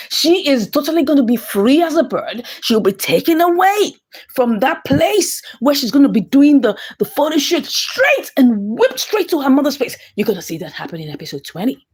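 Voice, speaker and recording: A woman's voice: high-pitched, breathy edge. A woman with a Nigerian accent recapping episodes of a comedy-drama series, acting out the characters' lines with dramatic emotion. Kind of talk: animated episode recap and commentary.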